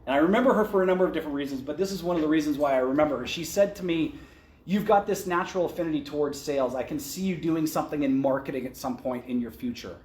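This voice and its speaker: Male event speaker, fairly high voice, casual candid storytelling, roomy echo. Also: rapid-fire, a little mellow. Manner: candid, conversational, with slips and restarts. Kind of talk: storytelling talk to an audience. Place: event venue, indoors. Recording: echoey event room.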